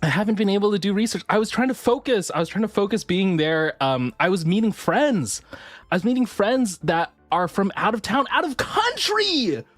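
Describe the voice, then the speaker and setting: A woman chats casually with her livestream viewers, veering from squealing excitement to low mumbles and swearing now and then. She talks at a normal speed, there's no room sound, and faint music plays behind her.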